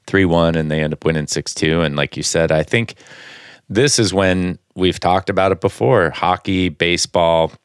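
A man's voice: low-pitched, normal speed, clean tone, no room sound, clean studio sound. A man co-hosting a sports podcast, chatting casually and rambling with many fillers and restarts.

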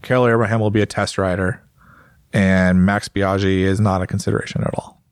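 A man's voice: low-pitched, little pitch movement, a little fast, clear, resonant tone, no room sound. Casual rambling man, dry sound. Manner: rambling, filler-heavy, frequent restarts. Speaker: podcast co-host, motorcycle rider. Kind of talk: casual chat.

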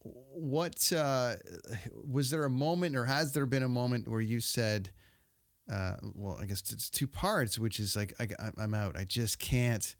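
Man, podcast host, rambling, lots of ums and restarts, mid pitch, dry close sound. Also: measured pace, dry recording. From Ontario, Canada. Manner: rambling, many fillers and restarts. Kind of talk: casual interview chat.

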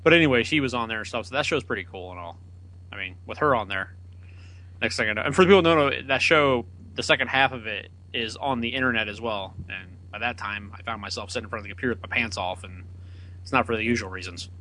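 A man's voice: on the low side, quick pace, sharp tone, poor audio. A man co-hosting an internet radio talk show, rambling through goofy stories and jokes. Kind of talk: casual chat.

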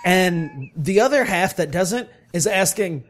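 A high-voiced man on a casual podcast who argues his point with many likes and so's and laughs easily. His tone stays light even when he disagrees. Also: unhurried, soft background music. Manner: argumentative, laughs easily, uses many fillers. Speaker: podcast co-host. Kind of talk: casual chat.

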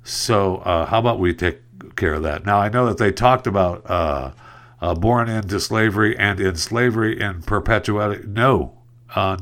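A sarcastic man hosts a solo news podcast, talking in a very low, deep voice. He rambles from story to story and trips over words as he goes. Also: fairly bright tone. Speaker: podcast host. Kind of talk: casual solo podcast commentary.

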